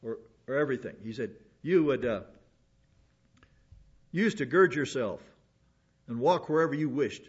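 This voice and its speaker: Husky-voiced man preaching folksy. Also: mid-range voice, lively intonation, normal speed, long pauses. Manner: folksy, digressive storytelling with restarts. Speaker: pastor. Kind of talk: conversational Bible teaching. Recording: dull lo-fi sound.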